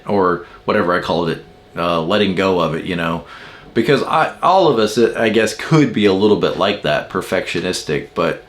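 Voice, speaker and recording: A man giving a casual spoken lesson on personality types, musing aloud and asking rhetorical questions as he explains. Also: sits low. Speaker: personality-type teacher.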